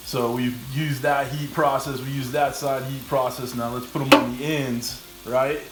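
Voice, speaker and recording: A man's voice: medium pitch, little pitch movement, normal speed, heavy background noise. A man hosting a casual cooking demo, easygoing and chatty, saying "all right" often while he grills. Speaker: cooking channel host. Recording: roomy echo.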